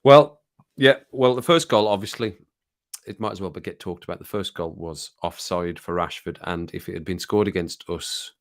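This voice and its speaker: A middle-aged man from the English Midlands, speaking with his local accent in a lowish voice. He chats casually to viewers on a home livestream, rambling from one thing to the next and chuckling along the way. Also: normal speed. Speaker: livestream host. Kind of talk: casual chat with live viewers. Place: home streaming room.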